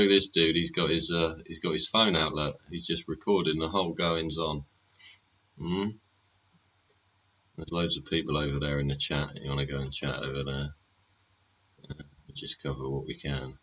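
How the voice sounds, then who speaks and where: A man's voice: extremely low pitch, level tone, moderate pace, pauses often, pushed and bright, lo-fi sound. A man hosting a live stream, chatting casually and sardonically, swearing often and asking rhetorical questions. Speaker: livestream host.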